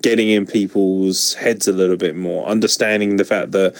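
A man co-hosting a podcast in casual chat, animated and opinionated, with frequent swearing. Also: fairly low pitch, brisk, few pauses, no room sound. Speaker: podcast co-host.

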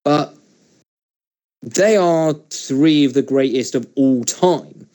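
A man's voice: medium pitch, takes it slowly, dark tone. A man co-hosting a casual podcast, talking in an opinionated way and swearing casually. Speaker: podcast co-host.

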